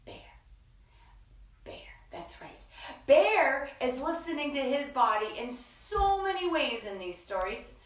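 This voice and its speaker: A woman hosting a children's story time, reading slowly in a playful sing-song and stretching out her words. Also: high voice, lively intonation, far from the mic. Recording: echoey room, voice from off-mic.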